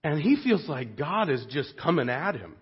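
A man preaches a sermon with a fairly high, husky voice. He speaks earnestly and expressively and sinks soft and low when the point turns grave. The recording sounds dull and lo-fi. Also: sing-song, moderate pace.

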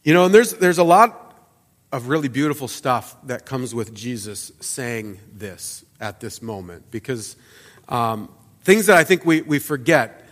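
A man preaching a sermon as pastor, talking in a loose conversational way with fillers and restarts, dropping to soft asides and rising to loud emphatic peaks. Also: medium pitch, very animated, measured pace, in a large hall. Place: church sanctuary.

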